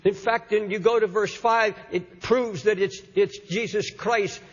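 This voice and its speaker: A man's voice: high voice, fairly even intonation, unhurried, slightly rough. An older man preaching an impassioned sermon, often repeating words as he presses his point. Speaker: pastor. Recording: lo-fi sermon recording in a hall.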